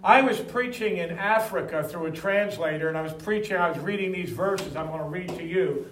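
A man's voice: high-pitched, brisk, a bit bright, slight background noise. A man preaching a sermon to a congregation, reading verses and leading call-and-response. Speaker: pastor. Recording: echoey hall from far off.

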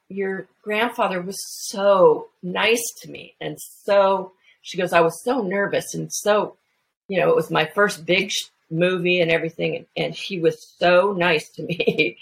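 A woman guest telling family anecdotes in a casual, animated way, full of restarts and fillers. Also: lowish voice, creaky, poor audio. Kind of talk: casual storytelling chat.

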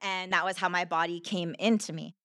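A woman's voice: on the low side, fairly even intonation, a little fast, a bit bright, no echo, studio quality. A woman telling her personal story as a podcast guest, earnest and heartfelt, with lots of "like" fillers. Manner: earnest, heartfelt, heavy use of "like".

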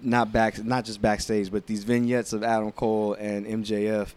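A man's voice: on the low side, normal speed, clear, resonant tone. Laid-back man recapping wrestling. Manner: relaxed, rambling, acts out quotes from wrestlers. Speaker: podcast co-host. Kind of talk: casual wrestling recap chat.

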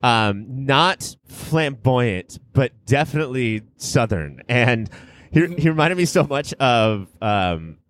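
A man's voice: mid-range voice, expressive, slow pace, fairly bright tone, no echo. A man co-hosting a podcast in casual chat, rambling and laughing as he talks. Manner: rambling, laughs while talking. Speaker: podcast co-host.

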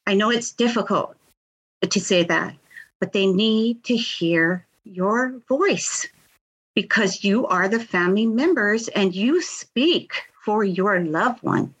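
A woman's voice: medium pitch, lively intonation, slow pace, husky, poor audio. A middle-aged woman, telling her story in an interview, earnest and impassioned, often repeating words. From Hawaii. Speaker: victims' advocate, guest.

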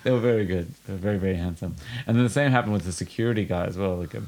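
A man's voice: deep voice, racing, darkish tone. A man telling a long rambling story on a casual podcast, with frequent restarts and bursts of laughter. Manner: rambling, self-interrupting, giggly storyteller. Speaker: podcast co-host.

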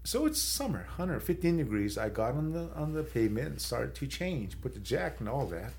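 A man from the San Carlos Apache reservation in Arizona gives a personal testimony as a street evangelist, speaking brisk and sing-song in a slightly mellow voice with hardly any pauses. He grows emotional and tearful, his voice rising high when he's moved.

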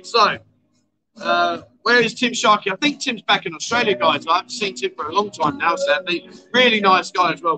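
At night, from a bar on a noisy city street, a man hosts a casual livestream chat show, joking with his guest and reading viewer comments aloud. His voice is high-pitched, and the audio quality is poor.

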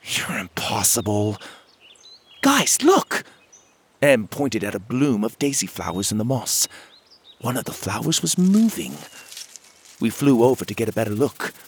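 A man narrating a children's audio adventure in an expressive storybook manner. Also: mid-range voice, normal speed, slightly rough.

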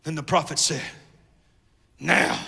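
A Southern US man preaching a sermon in a high, tense voice with a wide, animated pitch swing. He acts out the dialogue of the story and calls out to the congregation, dropping to a hush and then shouting. His voice rings with long reverb in a large hall. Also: fairly quick. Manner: call-and-response preaching, acting out dialogue, swinging from soft to shouted.

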